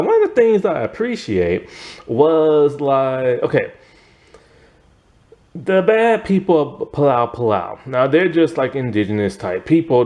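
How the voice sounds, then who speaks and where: Animated, unhurried man rambling through a review. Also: mid-range voice. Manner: rambling and animated, heavy on fillers, laughs often. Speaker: TV series reviewer. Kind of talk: casual spoken video review.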